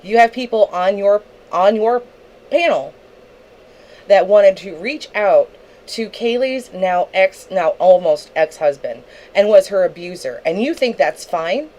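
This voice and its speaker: A woman's voice: mid-range voice, expressive, unhurried, darkish tone, low-quality recording. A young woman on a livestream, angrily ranting at another streamer, swearing heavily and talking confrontationally. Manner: angry, profane, confrontational. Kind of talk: angry livestream rant.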